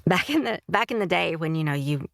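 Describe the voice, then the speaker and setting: A woman's voice: on the low side, animated, fairly quick, gravelly, no echo, clean studio sound. A woman who narrates audiobooks, chatting casually as a podcast guest in a loose, rambling way. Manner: chatty, loose, full of "like" and "you know". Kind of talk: casual interview chat.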